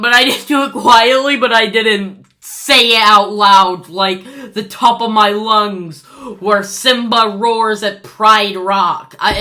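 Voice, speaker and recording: A woman vlogs her thoughts on a movie in a bright, sharp voice. She talks slowly and loosely, full of "um"s and restarts, bursting into gushing praise. It sounds like an unscripted, casual chat to the camera. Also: fairly high pitch. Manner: gushing and rambling, with many fillers and restarts. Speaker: movie review vlogger.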